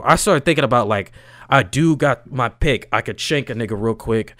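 A young man in casual chat, telling a story with lively, swooping pitch, slangy and animated, jumping between loud bursts and low mutters. The sound is dry and close, with no room around him. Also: normal speed, dry recording. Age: young adult.

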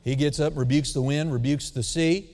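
A man preaching a sermon, swinging between loud dramatic emphasis and quiet asides, calling out for responses from the congregation. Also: on the high side, fairly even intonation, normal speed. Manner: calls for audience response. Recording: long reverb of a large hall.

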